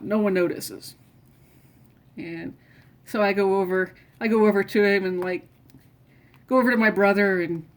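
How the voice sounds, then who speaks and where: A middle-aged woman casually telling family stories, rambling and often restarting her sentences. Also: mid-range voice. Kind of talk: casual personal storytelling.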